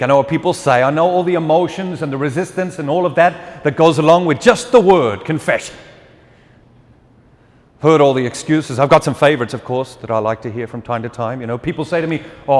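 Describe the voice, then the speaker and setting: A man's voice: medium pitch, a little fast. A man speaking as a deacon, giving a humorous talk to a live audience, joking and quizzing the listeners and laughing at his own lines. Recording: long hall reverb.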